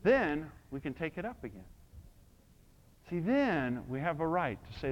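Animated high-pitched male preacher. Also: measured pace, long pauses, lo-fi sound. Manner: animated, swings from soft to shouting. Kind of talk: sermon.

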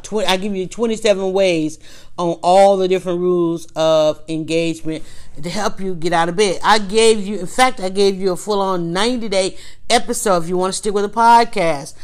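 A woman hosting a podcast, speaking straight to her listeners in an animated, rambling monologue full of restarts and side stories. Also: lowish voice. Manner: speaks directly to listeners, coaching them. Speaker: podcast host.

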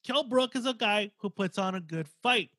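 A man with a high voice, talking through a boxer's record in a loose, rambling way and swearing now and then. He corrects himself as he goes. The recording is dry and close. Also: lively intonation, normal speed, sharp tone, no echo. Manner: analytical, rambling, casual swearing. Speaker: boxing podcast co-host. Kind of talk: casual chat.

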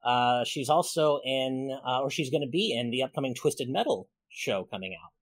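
Husky, lively podcast host man. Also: medium pitch, dry recording. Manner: upbeat, thankful, reels off supporter names quickly. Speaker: podcast host reading super chats. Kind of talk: casual podcast chat.

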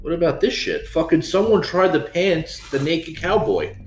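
A man's voice: a little high, moderate pace, darkish tone, reverberant, soft background music. A man co-hosting a casual podcast, rambling and swearing as he jumps between news stories. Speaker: podcast co-host. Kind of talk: casual crude banter.

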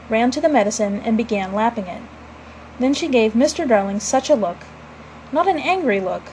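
Woman reading a bedtime storybook, slightly high voice, measured and expressive. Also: slight background noise, low-quality recording. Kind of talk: storybook read-aloud.

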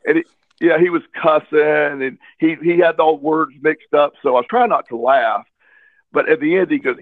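An interview guest tells an earnest personal story candidly, doubling back on his words as he goes, in a gravelly, creaky voice that sits on the high side at a moderate pace. The audio comes through a tinny phone line, thin and completely dry with no room echo.

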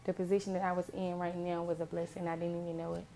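Gravelly woman giving earnest faith talk. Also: on the low side, little pitch movement, fast talker, mellow, slight background noise. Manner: earnest, impassioned, repeats phrases for emphasis.

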